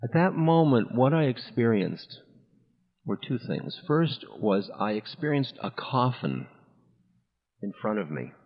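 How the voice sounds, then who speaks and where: A man's voice: mid-range voice, very animated, measured pace. A man as a spiritual teacher, telling a personal story to an audience in a candid, self-mocking way that breaks into laughter. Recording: echoey hall, dull older recording.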